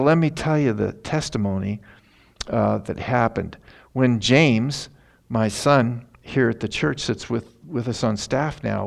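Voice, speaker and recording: A middle-aged man, a pastor, telling a story in a sermon in an earnest, animated way. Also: medium pitch, vocal fry. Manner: earnest, animated retelling with emphatic rises.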